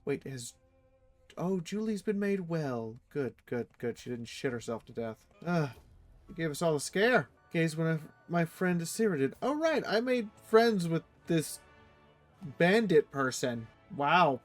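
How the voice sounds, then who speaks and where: A man streaming a strategy game, reading the event text aloud and reacting playfully, jumping into sudden high squeals. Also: sing-song, measured pace, faint music behind. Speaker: let's play streamer.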